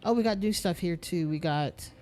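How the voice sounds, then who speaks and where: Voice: medium pitch, normal speed, darkish tone. A streamer giving casual, wry commentary while playing, reading item names aloud. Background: faint game music.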